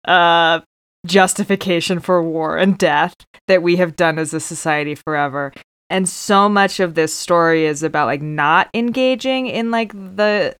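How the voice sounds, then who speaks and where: A woman with a fairly low, smooth, clear voice in a casual podcast conversation. She thinks out loud, hesitates and fills gaps with "um" and "like" while she works out her point. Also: no echo. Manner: thoughtful, hesitant, lots of fillers. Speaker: podcast co-host or guest. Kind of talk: casual book-club podcast chat.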